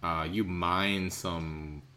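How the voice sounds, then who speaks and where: A man's voice: sits low, steady tone, drawn-out words, sharp tone, slight background noise. A young American man on a podcast, telling a rambling travel story in a casual way, with lots of fillers and laughter. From United States. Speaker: podcast co-host.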